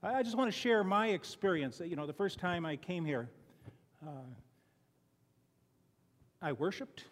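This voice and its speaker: Pitched high and animated, this older Chicago man speaks at a measured pace with frequent pauses, and a long reverb tail hangs in the church sanctuary. A lay preacher, he gives a folksy, conversational sermon of personal stories, restarting sentences often and leaning on "you know."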